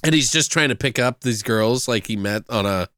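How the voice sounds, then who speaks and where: A man's voice: mid-range voice, moderate pace, bright, forceful tone, no room sound, clean studio sound. A man in casual conversation, rambling and swearing freely as he retells film scenes, laughing often. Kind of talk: casual chat.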